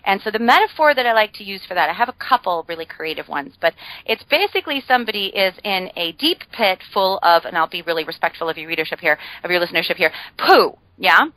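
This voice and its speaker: A woman's voice: fairly low pitch, expressive, fast, sharp tone, no echo, rough recording. A woman guest on a podcast, explaining ideas in a chatty way with frequent fillers and playful humor. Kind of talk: casual podcast conversation.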